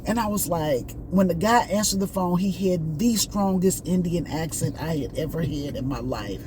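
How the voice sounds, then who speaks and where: A woman hosting a casual vlog, chatting and telling stories in an animated way while out on a morning walk. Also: lowish voice, normal speed, background noise. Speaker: vlog host. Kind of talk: casual chat.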